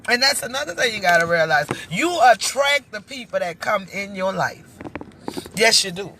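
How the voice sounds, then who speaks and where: A woman hosting her own live-stream talk show, talking heartfelt and preachy straight to her viewers, emotional, with halting restarts. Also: mid-range voice, very animated, bright, forceful tone, a little hiss or hum.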